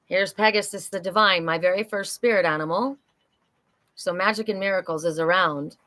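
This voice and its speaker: A woman's voice: lowish voice, moderate pace, bright, forceful tone. A middle-aged woman hosting a live oracle card reading, chatty and upbeat as she talks to viewers. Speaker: oracle card reader and psychic host.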